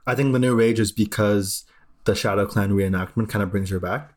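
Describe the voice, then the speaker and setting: A man with a fairly low voice, co-hosting a laid-back book podcast. He talks loosely and agreeably, trading thoughts with his co-host and filling his sentences with "like". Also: fairly even intonation, a little mellow. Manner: easygoing, quick to agree, lots of "like". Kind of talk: casual book-club chat.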